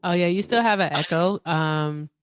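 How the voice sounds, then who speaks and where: A lively, blunt woman hosting a live stream. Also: lowish voice, moderate pace, clean tone, no echo. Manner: lively, blunt, laughs often, urges viewers on. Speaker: livestream host. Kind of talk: casual live-stream chat and debate.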